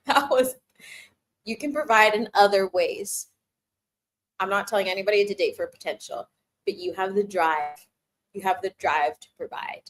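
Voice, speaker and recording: A young woman with a medium-pitched voice hosts a casual live-stream Q&A at a measured pace, pausing often. She giggles between phrases, teases her chat, and hands out playful advice.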